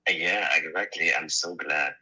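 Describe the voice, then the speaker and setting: Casting: easygoing male co-host, very low, husky voice over a lo-fi connection. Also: steady tone, normal speed, bright, forceful tone. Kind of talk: casual online audio chat. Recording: lo-fi phone connection.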